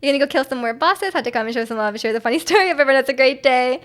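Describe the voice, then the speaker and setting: A woman's voice: high-pitched, expressive, rapid-fire, fairly bright tone. A young woman streaming live, chatting casually with her viewers in a rambling, giggly way.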